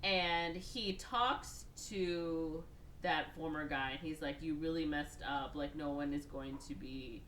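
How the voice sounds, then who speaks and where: A woman's voice: sits low, takes it slowly, a bit bright, reverberant, a little hiss or hum. A woman hosting a podcast, casually retelling a movie plot in a chatty way, filling her talk with "like". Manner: chatty, heavy use of "like", breaks into exaggerated voices for characters. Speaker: podcast host.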